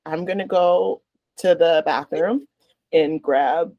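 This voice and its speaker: A woman's voice: low-pitched, takes it slowly, warm tone, no echo, lo-fi sound. A woman co-hosting a podcast, telling stories bluntly and candidly in casual chat. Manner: blunt, candid storytelling with swearing. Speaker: podcast co-host.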